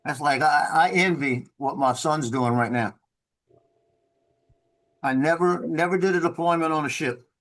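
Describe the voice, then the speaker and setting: A middle-aged military veteran in casual chat, telling a rambling story full of fillers and tag questions. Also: male voice, on the high side, measured pace, pauses often, a bit bright.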